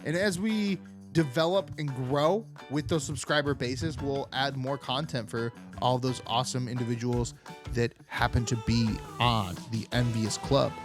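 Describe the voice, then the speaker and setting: A man's voice: medium pitch, fairly even intonation, a little slow, music in the background. A young man hosting a political comedy podcast, talking in a rambling, sarcastic way with lots of filler words. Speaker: podcast host. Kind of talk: unfiltered political comedy monologue.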